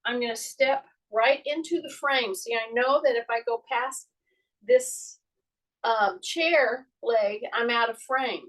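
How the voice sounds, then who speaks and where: A woman fitness instructor leading a live-streamed workout in a small indoor space, talking viewers through each move in a measured, chatty way. She has a frog in her throat and keeps clearing it. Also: a little high, fairly bright tone, distant mic, low-quality recording.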